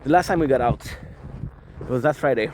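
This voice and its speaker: A man's voice: mid-range voice, fairly quick, darkish tone, a little hiss or hum. A man talking casually to his camera while skateboarding outdoors in the snow, rambling and swearing as he reflects. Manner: rambling, profane, self-reflective. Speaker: vlogger. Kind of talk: casual vlog monologue. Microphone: handheld camera, self-filmed. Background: faint street ambience and passing cars.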